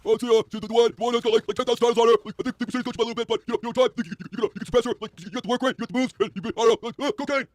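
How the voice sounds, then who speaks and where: A man voicing an excitable male friend who rambles and stammers. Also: extremely high pitch, rapid-fire, hardly any pauses, no echo, pitched above the performer's own voice. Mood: rambling.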